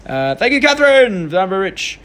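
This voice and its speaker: A man's voice: on the high side, brisk. A young man hosting a casual live stream, reading out viewer comments and joking around. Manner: chatty, reads out viewer comments, jokey.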